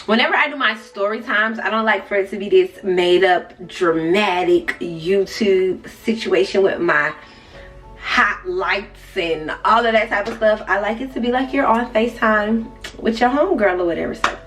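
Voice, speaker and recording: A woman's voice: mid-range voice, moderate pace, fairly bright tone. A young woman vlogger telling a casual story, chatty and speaking straight to her viewers with side remarks. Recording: distant mic with faint music.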